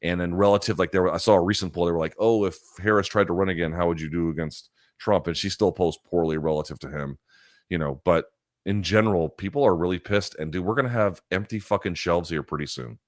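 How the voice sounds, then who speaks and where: A very low-voiced man hosts a live chat stream, reading viewer questions and launching into heated, profane rants. He talks loosely, with fillers and restarts, into a close mic with a dry, dead sound. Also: fast, no room sound. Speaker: live chat show host. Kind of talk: casual livestream chat answering viewer questions.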